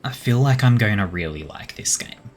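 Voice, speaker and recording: A streamer playing a game and musing aloud, with frequent chuckles. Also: male voice, lowish voice, lively intonation, moderate pace, faint music behind. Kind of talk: casual game commentary.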